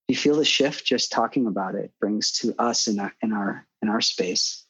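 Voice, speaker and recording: A middle-aged man speaking calmly and earnestly as a podcast guest, sometimes acting out soothing self-talk. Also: mid-range voice, normal speed, few pauses, breathy edge, no echo, muffled recording. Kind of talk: interview conversation.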